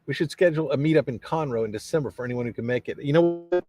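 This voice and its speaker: A man's voice: mid-range voice, very fast, darkish tone, no echo, faint music behind. A man hosting a casual live stream, rambling in a friendly way as he reads viewer comments aloud and answers them. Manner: friendly, many fillers and restarts.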